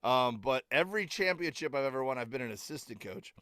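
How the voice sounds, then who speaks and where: Middle-aged male comic guest, chatty storyteller, lively pitch, dry close mic. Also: fast talker, no room sound. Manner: animated storyteller, filler-heavy, acts out quotes. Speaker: comedian guest. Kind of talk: casual podcast storytelling.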